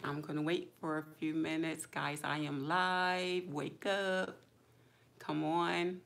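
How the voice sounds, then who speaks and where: A woman with a fairly low voice hosts a relaxed livestream chat. She talks in an easygoing, drawling way. Now and then she jumps up in pitch to greet viewers by name. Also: takes it slowly, vocal fry. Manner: chatty, greets viewers by name with excited high exclamations; relaxed, drawling, informal speech. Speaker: YouTube livestream host.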